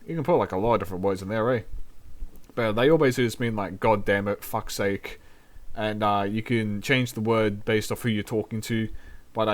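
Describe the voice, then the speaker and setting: A young man, a VTuber host giving a laid-back, profane language lesson and laughing often. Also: medium pitch. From New Zealand.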